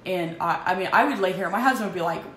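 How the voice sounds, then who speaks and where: A woman in her thirties candidly confessing her struggles in a halting, emotional vlog, with frequent restarts. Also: lowish voice, fairly bright tone. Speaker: vlogger. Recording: echoey room with faint background noise.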